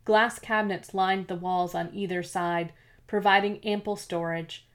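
A woman reading a novel aloud as narrator, in a steady, measured storytelling manner. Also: medium pitch. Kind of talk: scripted audiobook narration.

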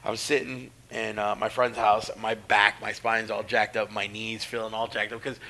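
Speaking at normal speed in a fairly low voice, a middle-aged pro wrestler swaps stories with plenty of profanity. He stays animated throughout, performing the characters' voices himself.

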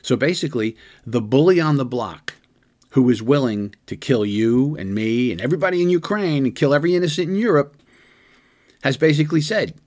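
A man's voice: medium pitch, animated, brisk, a little mellow. A middle-aged man giving an impassioned opinion monologue, firing off rhetorical questions and often restarting his sentences. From United States. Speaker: political commentator.

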